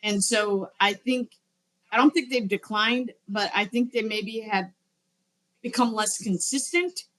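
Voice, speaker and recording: A woman's voice: mid-range voice, unhurried, a bit bright, low-quality recording. A woman co-hosting a sports podcast, chatting casually and thinking aloud with fillers. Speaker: podcast co-host.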